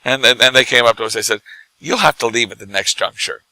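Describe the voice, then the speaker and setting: A middle-aged man, drunk, telling animated stories in casual bar chat as a guest who acts and teaches comedy. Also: medium pitch, quick pace, dry recording, poor audio. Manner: animated, laughing, tipsy anecdotes.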